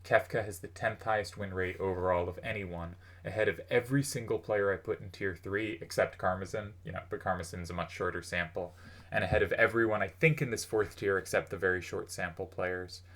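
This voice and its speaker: A man's voice: sits low, steady tone, a little fast, a bit bright. A man talking through the history of a card game's players in a casual commentary, thinking aloud with plenty of fillers. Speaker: host.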